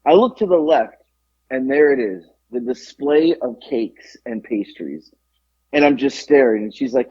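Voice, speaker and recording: A husky-voiced man tells a story on a casual podcast, acting out every part of the exchange. His pitch jumps around a lot as he plays each character. The sound is dry and a little dull. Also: moderate pace, no room sound. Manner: animated storyteller acting out both sides of a conversation. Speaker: podcast co-host.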